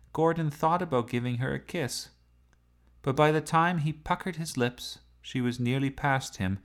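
A man narrating a story aloud in a playful, lively storytelling manner. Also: mid-range voice.

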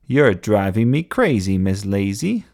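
A man's voice: on the low side, sing-song, unhurried, gravelly, darkish tone, heavily acted. A man doing a cheeky punning toy engine. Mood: mocking.

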